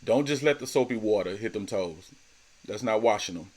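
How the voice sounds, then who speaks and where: A man's voice: on the low side, animated, moderate pace, darkish tone. A man in his thirties hosting a casual solo podcast, talking in a slangy, laid-back way, repeating words and laughing often. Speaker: podcast host.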